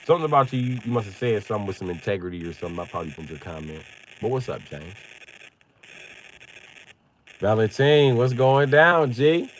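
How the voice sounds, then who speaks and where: A man riffing on a live stream, his voice swinging from low mutters up to shrill, shouted yelps. He tells crude jokes in heavy profanity and often laughs at them himself. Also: big pitch swings, brisk, long pauses, a little hiss or hum, poor audio. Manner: profane, jokey storyteller; acts out other people in loud, high yelps. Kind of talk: casual comedic live-stream rant.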